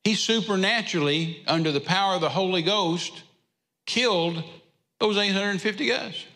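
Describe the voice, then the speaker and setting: A man preaches a sermon in a folksy, storytelling manner. His voice is high and bright. It carries a long reverb from a large hall. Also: moderate pace. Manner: folksy storytelling with drawled asides.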